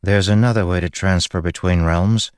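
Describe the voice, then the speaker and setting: A man voicing a mysterious woman warrior who speaks calmly and dryly. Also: low-pitched, normal speed, smooth, no room sound, lightly acted. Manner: calm, dry, understated.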